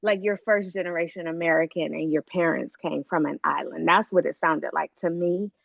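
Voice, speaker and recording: A woman's voice: sits low, steady tone, normal speed, vocal fry, no room sound. A woman hosting a casual book club chat, teasing and laughing often. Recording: dull dry video call audio.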